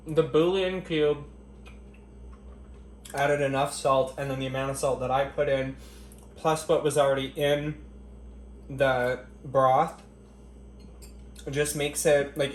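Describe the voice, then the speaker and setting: A man's voice: medium pitch, slight background noise. A man with a mid-range voice runs a casual cooking vlog from his home kitchen, cracking crude, profane jokes straight to the camera. He keeps stopping to taste the food and murmur over it, and the hard kitchen walls give his voice an echo. Dishes and cutlery clink faintly behind him. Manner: tasting food between lines with appreciative murmurs. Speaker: cooking vlogger. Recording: echoey kitchen.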